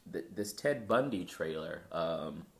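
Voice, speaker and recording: Animated low-voiced man in a roomy space. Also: measured pace, gravelly. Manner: animated, jokey, trailing off. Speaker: podcast co-host. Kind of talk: casual chat. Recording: roomy echo.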